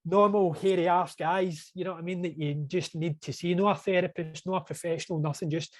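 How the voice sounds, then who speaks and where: A man's voice: sits high, fairly even intonation, fairly quick, no room sound. A man, a podcast guest on a video call, telling his story openly and earnestly and often asking "you know what I mean?". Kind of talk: casual interview over video call.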